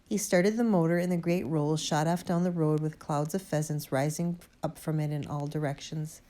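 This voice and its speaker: A woman narrating a children's storybook aloud in an expressive, lively way. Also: low-pitched, normal speed. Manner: lively expressive reading, first-person boy narrator. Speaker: audiobook reader.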